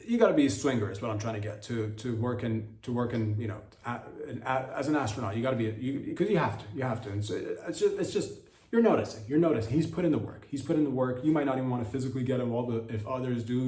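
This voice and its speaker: A man's voice: mid-range voice, a little mellow. Guy rambling through a comedy podcast bit, stumbles on words, cusses a lot, echoey room. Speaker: podcast host. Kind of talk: comedic monologue. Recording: roomy echo.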